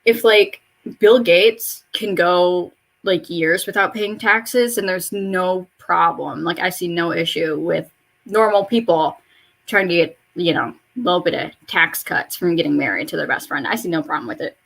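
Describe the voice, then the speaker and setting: A woman in her mid-twenties chatting casually while getting ready in her bedroom, rambling and swearing, with sudden high excited jumps in pitch. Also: moderate pace, vocal fry. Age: mid-20s. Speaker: vlogger. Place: bedroom at home.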